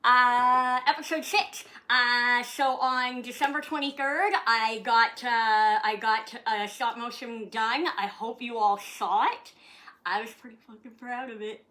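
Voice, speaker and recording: A woman's voice: on the high side, fairly even intonation, a little slow, pushed and bright. A woman from Canada chatting casually in her vlog, talking to her dog and swearing freely. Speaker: vlogger. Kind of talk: casual chat.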